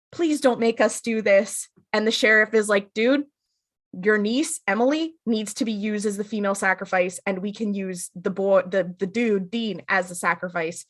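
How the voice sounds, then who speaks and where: A woman co-hosting a casual podcast, recapping an episode in a loose, chatty way. She slips into quick paraphrased lines for each character without fully acting them. Her voice sits at an ordinary middle pitch. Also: a bit bright. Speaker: podcast co-host.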